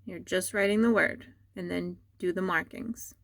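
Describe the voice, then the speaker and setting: A woman teacher dictating a spelling test to students at home, repeating each word slowly and giving patient instructions. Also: on the low side, steady tone, vocal fry, fairly bright tone, no room sound, studio quality. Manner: slow, deliberate dictation with repeated words.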